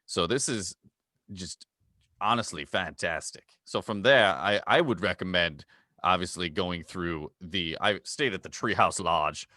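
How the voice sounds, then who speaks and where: A man's voice: low-pitched, unhurried, sharp tone, no room sound, studio quality. A man putting on a cheery globetrotting male travel guide, calling everyone mate. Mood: chummy. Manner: chummy, calls everyone mate.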